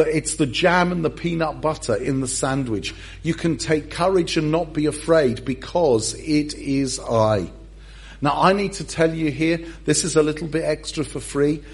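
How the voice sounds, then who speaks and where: A man's voice: fairly high pitch, moderate pace, slightly rough. A male pastor preaching a sermon, humorous and self-deprecating as he tells the story.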